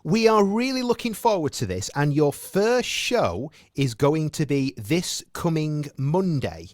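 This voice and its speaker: Lively Manchester man, dry close sound. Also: on the high side, unhurried, no room sound. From United Kingdom. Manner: friendly, lively, teasing with a playful sense of humor. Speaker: radio station host interviewing guests. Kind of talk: casual interview chat.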